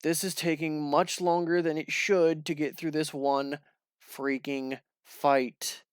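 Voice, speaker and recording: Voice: mid-range voice, level tone, takes it slowly, clear, resonant tone, no room sound, clean studio sound. A let's play host commentating on a video game, exasperated and laughing in frustration at a fight that will not go their way.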